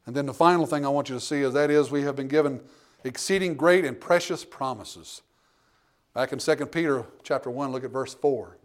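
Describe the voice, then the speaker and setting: A male pastor preaching a sermon, reading scripture aloud and swinging between loud fervent preaching and hushed, intimate storytelling. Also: medium pitch, fairly quick. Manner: reads scripture aloud in King James wording.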